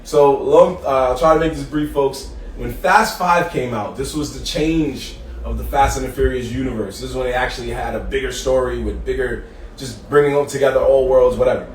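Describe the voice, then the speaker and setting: A man co-hosting a podcast, telling a story in a casual, animated way and acting out quotes. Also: mid-range voice, brisk. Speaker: podcast co-host. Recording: roomy, distant mic with faint noise.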